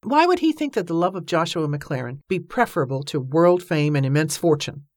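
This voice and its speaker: A woman narrating an audiobook in an even, measured reading voice. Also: deep voice, no room sound, clean studio sound. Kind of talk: scripted narration.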